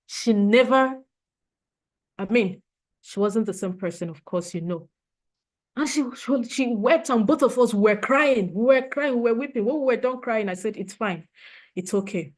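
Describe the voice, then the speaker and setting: A woman's voice: on the high side, normal speed. A woman trainer giving a motivational leadership talk, earnest and emotional, repeating her points for emphasis.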